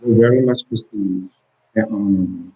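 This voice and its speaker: A man's voice: fairly low pitch, moderate pace, mellow, husky. A man talking straight to the camera in an intense monologue, pleading and confrontational, often repeating and restarting his words. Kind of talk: emotional direct-to-camera monologue. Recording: dull lo-fi recording.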